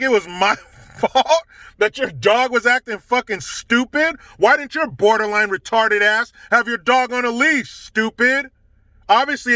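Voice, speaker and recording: A man's voice: very high-pitched, bright, forceful tone, no echo. A man telling a casual story to camera, indignant and swearing heavily. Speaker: storytelling vlogger.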